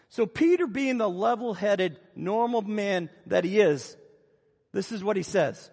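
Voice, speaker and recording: A man delivering a sermon and retelling Bible scenes with animated storytelling. His voice sits high and has a husky edge. The sound rings with the long reverb of a large hall. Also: a little slow. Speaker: preacher.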